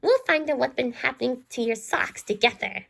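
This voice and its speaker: Woman playing a helpful young male Fraggle, storybook, high lively voice, polite, earnest. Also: normal speed, gravelly, heavily acted. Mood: eager. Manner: earnest, polite, stumbling over words.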